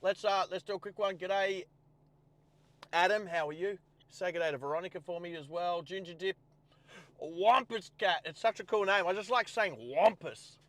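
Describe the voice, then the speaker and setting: A man's voice: high voice, normal speed, fairly bright tone, no room sound. An Australian man hosting a casual live stream from his car, chatting and thinking aloud as he sets things up. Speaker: host.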